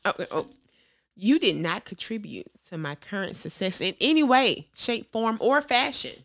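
Animated woman reading phrases, laughing. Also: mid-range voice, normal speed, gravelly. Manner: reads prim phrases aloud, laughs a lot. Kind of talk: casual chat, reading out phrases.

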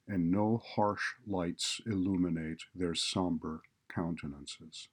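Slow deep-voiced male narrator. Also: a little mellow, breathy edge. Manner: slow, deliberate, descriptive reading. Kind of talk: scripted story narration.

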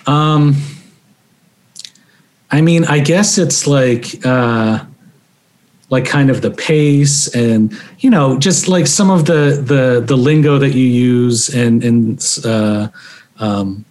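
A young man from Maryland, speaking in a halting, reflective conversational way with many fillers and restarts. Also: medium pitch, darkish tone. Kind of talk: conversational interview.

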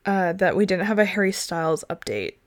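A woman's voice: on the low side, big pitch swings, a little fast. Chatty young woman podcast co-host. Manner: chatty, reacting and telling anecdotes. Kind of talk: casual chat.

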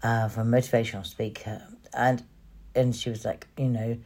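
A woman hosting a podcast, telling her personal story in an emotional, halting way with many restarts. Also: very deep voice, little pitch movement, dark tone. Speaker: podcast host.

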